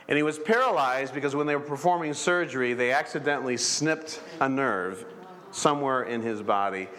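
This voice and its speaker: A man preaching a sermon in a church, animated, acting out characters and calling for amens. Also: medium pitch, a little hiss or hum. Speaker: pastor.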